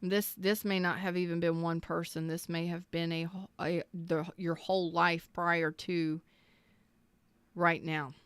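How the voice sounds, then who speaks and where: A woman's voice: lowish voice, level tone, a little slow, fairly bright tone, clear, resonant tone, no echo. A woman giving a heartfelt tarot reading, earnest and emotional, repeating phrases and sounding close to tears. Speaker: tarot reader.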